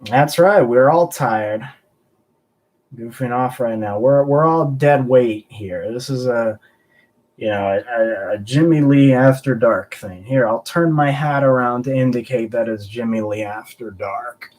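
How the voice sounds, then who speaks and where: A man's voice: mid-range voice, unhurried, a little mellow. A man hosting a casual live stream, joking around and answering viewer chat in a rambling way. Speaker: host of a collectibles live stream.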